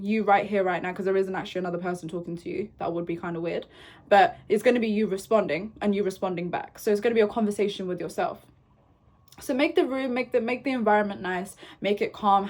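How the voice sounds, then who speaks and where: A young woman giving self-help advice in a casual vlog, coaching gently and often checking in with "right?" and "okay?". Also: mid-range voice. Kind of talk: casual advice talk to camera.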